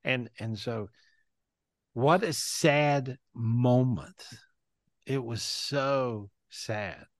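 A man hosting a live video call, emotional and repetitive, swearing now and then. His voice is close and dry, with a plain middle pitch. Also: extremely slow, dry recording. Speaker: host.

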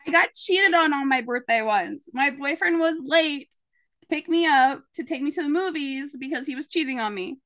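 High-voiced woman podcast host. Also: normal speed. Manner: animated storyteller, acts out quotes. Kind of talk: casual chat.

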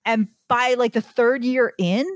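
A woman's voice: a little high, unhurried, no echo, clean studio sound. A woman guest telling a story in a casual interview, acting out other people's lines as she goes. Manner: animated storyteller, acts out quoted voices.

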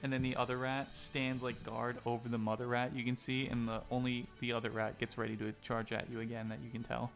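A man running a tabletop game as game master. He narrates the action casually, with frequent fillers and crude jokes. His voice is gravelly, with faint music playing underneath. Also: medium pitch, level tone, a little fast, hardly any pauses.

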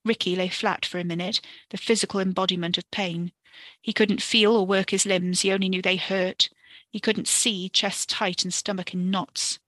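Bright-voiced woman reading a story. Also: medium pitch, level tone, moderate pace, dry recording. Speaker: podcast narrator.

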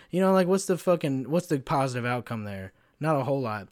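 A man in his twenties hosting a casual solo podcast, tired after a work shift, venting about his job in profane, animated storytelling. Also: medium pitch, fairly quick, few pauses, no room sound, clean studio sound. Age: 20s. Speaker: podcast host.

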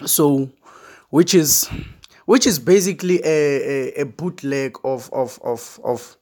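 A South African man hosting a football podcast alone, ranting in a frustrated, slangy way with lots of repeated words. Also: fairly high pitch. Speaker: podcast host. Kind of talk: casual solo podcast rant.

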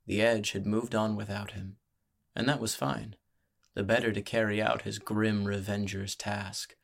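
A man narrating a fantasy audiobook in a measured, steady storytelling manner. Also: on the low side, vocal fry.

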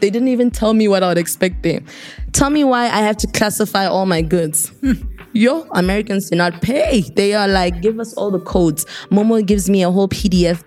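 A young woman from Botswana, telling a story as a podcast guest and acting out the voices of the people in it. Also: medium pitch. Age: young adult. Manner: lively, acts out voices of people in her story. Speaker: podcast guest, fashion designer.

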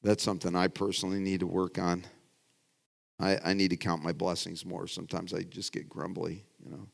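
A middle-aged male pastor with a fairly low voice preaches in a folksy, conversational way. He often restarts his sentences, leans hard on some points and drops to quiet asides on others. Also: level tone, a little fast, vocal fry. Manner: folksy, rambling, self-interrupting with restarts; swings between loud emphasis and quiet asides. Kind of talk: conversational sermon.

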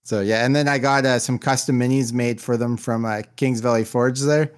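A man's voice: mid-range voice, steady tone, moderate pace, clear, resonant tone. A man co-hosting a casual podcast chat about tabletop gaming, laid-back and full of filler words. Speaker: podcast co-host.

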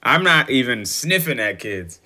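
A man's voice: mid-range voice, very animated, unhurried, sharp tone. A young man in casual conversation, chatty and upbeat. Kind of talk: casual chat.

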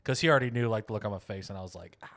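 A man in his thirties telling a story in casual podcast chat, animated and swearing freely, acting out the other people in it. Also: on the low side, racing, dry recording, studio quality. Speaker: podcast co-host.

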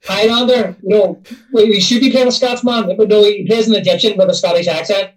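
A man co-hosting a casual movie podcast, talking in a halting way with many fillers. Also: high-pitched, steady tone, recorded from a distance, rough recording. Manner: hesitant, lots of ums and restarts. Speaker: podcast co-host. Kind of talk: casual film review chat.

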